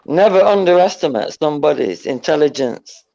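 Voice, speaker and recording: A man's voice: on the high side, animated, normal speed, vocal fry, mellow. A man chatting casually on a voice-chat show, laid-back, trading boasts and friendly threats. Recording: dull lo-fi voice-chat audio.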